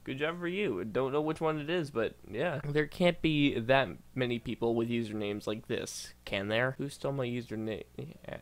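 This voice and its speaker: A man's voice: mid-range voice, moderate pace, few pauses. A man doing casual reaction commentary as a YouTuber, reading posts aloud, stumbling over words and bursting out in disbelief.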